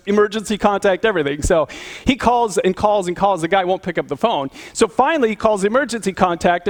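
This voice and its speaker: A man preaching a sermon as a pastor, telling stories in a relaxed, conversational way. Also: high-pitched. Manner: conversational storytelling, chuckling.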